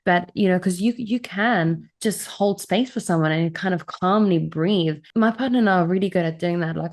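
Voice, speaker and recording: Low-voiced chatty young woman. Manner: chatty, storytelling, frequent fillers. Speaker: podcast guest. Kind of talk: casual conversation.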